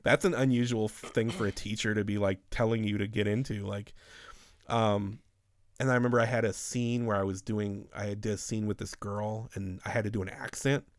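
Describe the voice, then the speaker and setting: A man's voice: fairly low pitch, steady tone, a little fast, no room sound. Profane, rambling man in casual chat.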